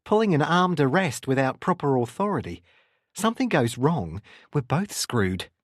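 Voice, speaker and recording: A skeptical female detective with a New Zealand accent needles her partner in a doubtful, teasing tone, as a male narrator puts her on. The voice sits higher than the reader's own, close and dry. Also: sing-song, normal speed, no echo. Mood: wary.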